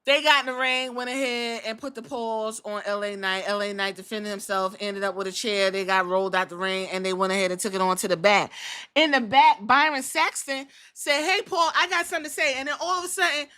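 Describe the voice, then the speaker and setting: A woman's voice: mid-range voice, brisk, clear, resonant tone. A woman hosting a podcast, telling a wrestling recap in a casual, joking and profane way and acting out what people said. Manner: animated storytelling, acting out quotes, profane and joking. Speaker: podcast host.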